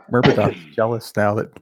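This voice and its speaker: A man's voice: fairly low pitch, a little mellow. A man chatting as a tabletop game player, joking and chuckling. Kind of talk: casual chat.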